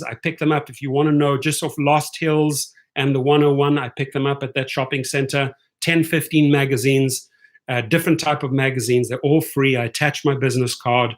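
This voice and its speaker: A middle-aged man giving an energetic, motivational talk as a driving coach, often checking in with viewers by asking "right?". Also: on the high side.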